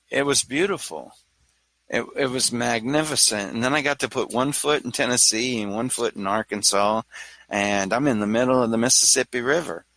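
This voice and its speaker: Man, 40s; low, punchy, rambling speaker, dry close recording. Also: pushed and bright, no echo, rough recording. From Louisiana. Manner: rambling, stammering restarts, jokey. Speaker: speaker on mental health. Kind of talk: casual talk to an audience.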